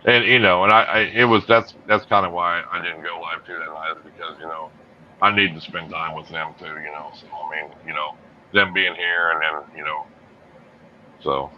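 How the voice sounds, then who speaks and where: A middle-aged man hosting a livestream in casual chat, rambling with many fillers and trailing off quietly. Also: steady tone, normal speed. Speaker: livestream host. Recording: muffled low-fidelity stream audio with faint hiss.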